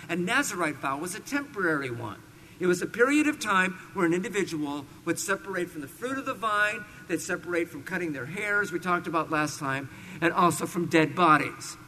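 A man from California preaching an expository sermon, reading scripture slowly with emphatic stresses. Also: on the high side, sharp tone, slight background noise. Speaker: pastor. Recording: long reverb in a large hall.

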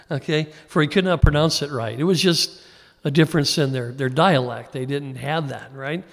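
A man's voice: fairly high pitch, moderate pace, gravelly, big-room sound. A man preaching a casual, conversational Bible teaching sermon, folksy and informal, sometimes acting out the people he quotes. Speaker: pastor.

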